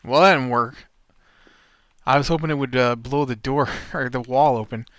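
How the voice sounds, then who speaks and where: A man's voice: mid-range voice, normal speed, fairly bright tone, dry recording. A man hosting a let's play, chatting casually over gameplay in a rambling, nitpicky way with many fillers.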